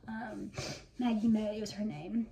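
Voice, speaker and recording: A young woman around twenty talks through her fan memories, eager and filler-heavy, in a mellow, even voice. She sits a little back from the mic in an echoey room with faint noise behind. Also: medium pitch, measured pace, creaky, far from the mic. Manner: gushing fan storytelling with many fillers. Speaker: vlogger. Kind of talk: casual reminiscing monologue.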